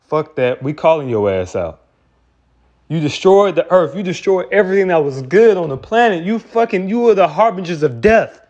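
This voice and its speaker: A man's voice: high-pitched, very animated, normal speed, darkish tone. Angry preaching man, lo-fi sound. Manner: angry, profane, repeats and restarts words. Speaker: street preacher. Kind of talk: heated preaching rant. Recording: dull lo-fi recording.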